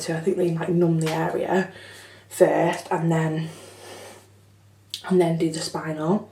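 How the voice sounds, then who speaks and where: A woman's voice: low-pitched, little pitch movement, takes it slowly, mellow. A young woman telling her story in a chatty, frank vlog, swearing casually. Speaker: vlogger. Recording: echoey room, slightly far from mic.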